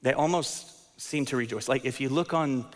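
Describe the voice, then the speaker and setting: A man in his thirties delivers a sermon in a relaxed, conversational way, poking fun at himself and often doubling words as he restarts a thought. His voice sits in a middle pitch. A long reverb trails behind him, as in a large church sanctuary. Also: moderate pace. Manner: conversational, self-deprecating, repeats words when restarting. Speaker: pastor.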